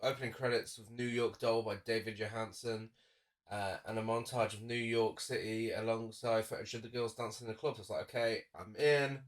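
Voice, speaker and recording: A man's voice: lowish voice, steady tone, normal speed, far from the mic. A man co-hosting a horror film podcast, chatting casually and enthusiastically while reviewing a movie. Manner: enthusiastic, lists cast credits. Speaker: podcast co-host.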